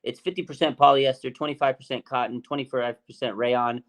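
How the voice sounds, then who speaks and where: A man hosting a casual sports chat, telling stories in an excitable, emphatic way. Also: mid-range voice, fairly quick. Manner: excitable storyteller, animated and emphatic. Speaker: podcast host.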